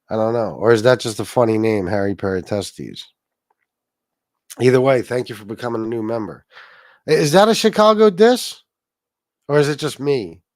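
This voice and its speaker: A man's voice: mid-range voice, darkish tone, no room sound. A man hosting a casual livestream, rambling, swearing freely and reacting to chat comments. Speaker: livestream host.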